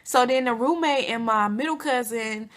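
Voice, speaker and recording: A young woman vlogger telling a casual storytime, animated and slangy, acting out quotes with big jumps in pitch. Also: moderate pace. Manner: informal slangy speech.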